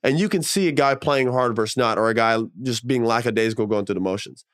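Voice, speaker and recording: A man, a former professional basketball player, co-hosting a casual sports podcast, talking in an animated, emphatic way with slang and casual swearing. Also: mid-range voice, fast, clear, resonant tone, no room sound, clean studio sound.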